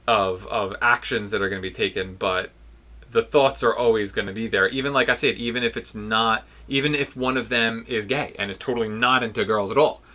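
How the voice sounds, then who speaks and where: A man's voice: on the low side, fairly even intonation, a little fast, bright, forceful tone. A man co-hosting a podcast, talking through his points in a conversational way. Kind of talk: casual discussion.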